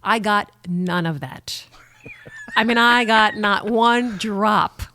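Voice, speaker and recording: A woman from Long Island, New York, telling stories as an animated, chatty interview guest. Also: medium pitch, slow pace, slight background noise. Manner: chatty, animated storyteller who laughs often. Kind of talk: casual interview chat.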